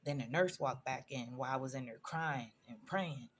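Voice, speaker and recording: A woman's voice: extremely low pitch, normal speed, slight background noise. Emotional woman telling a personal story. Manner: emotional, conversational, addresses viewers as y'all. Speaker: vlogger.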